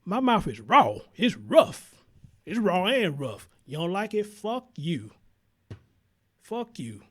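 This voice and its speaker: A man's voice: high-pitched, big pitch swings, slow pace, slightly rough. A man hosting a live-stream commentary show, talking bluntly and heatedly with heavy cursing while he greets viewers. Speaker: talk show host.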